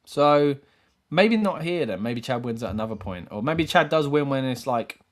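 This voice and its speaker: A man hosting a live wrestling show, giving rambling, self-correcting predictions that rise into animated questions. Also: mid-range voice, moderate pace. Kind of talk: live-stream commentary and predictions.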